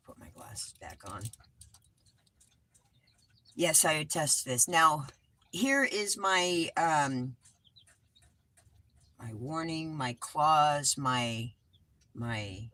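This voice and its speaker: A woman's voice: deep voice, takes it slowly, long pauses, bright, forceful tone, poor audio. A middle-aged woman from California chatting rambly and informally with her viewers from inside a small RV, calling them hun. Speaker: vlogger. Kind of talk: casual livestream chat.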